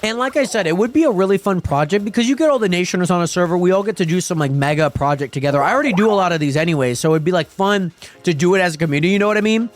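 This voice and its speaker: Young man, gaming streamer, high-pitched, very animated, chatty with viewers, faint pop music behind. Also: rapid-fire. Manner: chatty, addresses viewers constantly, yelps excitedly during fights. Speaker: live streamer. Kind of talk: casual gaming livestream chat. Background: faint dance pop music.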